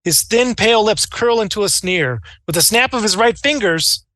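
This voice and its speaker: A man's voice: high voice, lively intonation, moderate pace, bright, forceful tone, no room sound. A man running a tabletop role-playing game as game master, narrating scenes with theatrical, descriptive storytelling.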